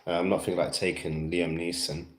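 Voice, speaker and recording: A man's voice: low-pitched, level tone, normal speed, reverberant, a little hiss or hum. A man from West London with a British accent, chatting casually to fans on his livestream, rambling with lots of fillers. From West London, England. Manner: rambling and chatty, heavy fillers, self-amused.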